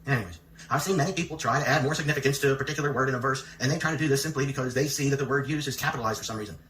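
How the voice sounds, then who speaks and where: A man's voice: medium pitch, racing, fairly bright tone, slight background noise. A man hosting a commentary video, reading out a letter and firing off pointed rhetorical questions. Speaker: commentary channel host. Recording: echoey room.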